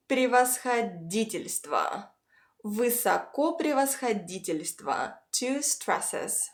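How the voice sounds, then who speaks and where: Woman w teaching pronunciation, kinda high voice, slow careful delivery. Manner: slow, careful modeling of Russian words. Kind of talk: scripted online language lesson.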